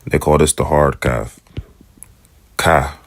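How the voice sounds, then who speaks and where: A man teaching Hebrew letters in a casual lesson, thinking aloud and repeating sounds slowly. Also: extremely low pitch, gravelly. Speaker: self-taught Hebrew teacher. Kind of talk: casual screen-share lesson.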